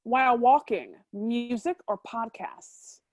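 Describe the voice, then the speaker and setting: A woman hosts a casual video-call interview and runs through quick questions with a teasing, playful edge. Her voice sits a little high. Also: a little mellow, dull audio. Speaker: host.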